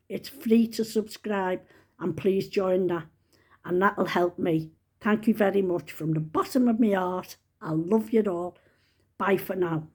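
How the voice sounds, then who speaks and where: An older woman in her seventies talks straight to her viewers in a loose, rambling vlog chat. Her voice is mellow and husky, and she keeps turning to fondly address her followers. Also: medium pitch. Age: 70s. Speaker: vlogger. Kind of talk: casual chat to camera.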